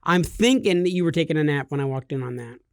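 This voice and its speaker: A man with a fairly high voice co-hosting a gaming podcast, full of jokes and playful teasing. He talks in an easy, casual way. The studio sound is dry and close. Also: animated, fast, clear, resonant tone, no room sound. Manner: teasing, joking storyteller. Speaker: podcast co-host. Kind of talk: casual chat.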